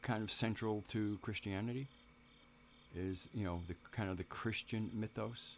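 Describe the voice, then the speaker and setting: A man's voice: fairly low pitch, steady tone, normal speed, slight background noise. A man hosting a live stream, talking casually in a rambling way, with many restarts and asides to his viewers in the chat.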